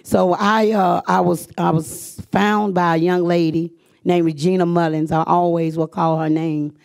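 A middle-aged woman tells her life story to a room of listeners in a gravelly, creaky voice. She talks earnestly and slips into the voices of the people she quotes, her pitch climbing when feelings run high. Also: little pitch movement, unhurried, darkish tone. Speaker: speaker sharing her recovery story. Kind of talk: personal testimony to an audience.

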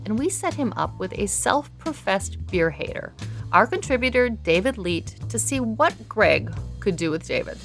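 A woman radio host gives polished, scripted introductions of guests and segments. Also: medium pitch. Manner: smooth, polished read of introductions. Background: faint music bed.

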